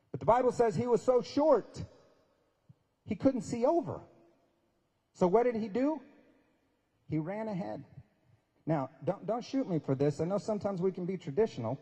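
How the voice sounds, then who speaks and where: A man gives an emphatic, sermon-style talk with folksy humor. His voice sits fairly high but sounds mellow and a little husky. A long hall reverb follows his words. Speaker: guest speaker. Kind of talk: sermon-style speech at a prayer breakfast. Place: large event hall at a university.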